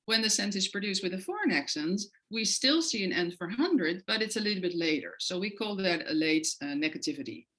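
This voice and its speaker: A woman's voice: medium pitch, lively intonation, fairly quick, hardly any pauses, a bit bright, low-quality recording. A woman with a non-native English accent giving an academic lecture, explaining her research with frequent hesitant fillers. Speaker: guest lecturer.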